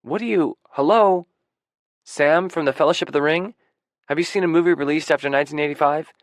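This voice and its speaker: A man's voice: medium pitch, measured pace, dry recording, clean studio sound. A man voicing an eager, gossipy eighteen-year-old guy who teases and gushes, heard in an audiobook. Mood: excited. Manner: excitable, teasing, gushing.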